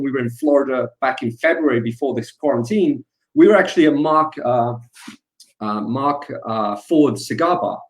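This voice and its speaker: A man in his thirties talks over a video call with a casual, fired-up energy. He speaks as a webinar guest, pumping up the audience between stories, with a pitch that sits in the middle for a man. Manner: energetic, hype-building.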